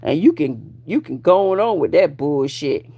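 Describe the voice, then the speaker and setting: Gravelly, profane woman in her forties ranting. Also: sits low, animated, unhurried. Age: 40s. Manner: profane, confrontational, loud bursts of laughter. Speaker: vlogger. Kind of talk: ranting commentary to viewers.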